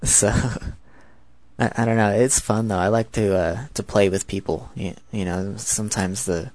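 Low-voiced 19-year-old American man. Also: fairly even intonation, a little slow, darkish tone, dry recording. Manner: chatty, rambling. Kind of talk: casual spoken monologue.

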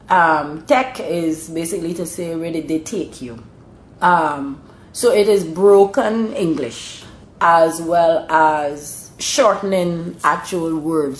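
A woman's voice: on the low side, measured pace. A woman from Barbados with a Bajan accent, patiently explaining things in casual conversation. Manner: explains patiently, bursts brighter when mimicking local speech. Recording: roomy echo.

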